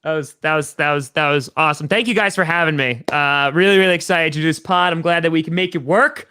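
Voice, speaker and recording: A man in his thirties from New York, an upbeat podcast guest chatting casually and repeating himself when excited. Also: on the high side, fast, smooth, no room sound. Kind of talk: casual chat.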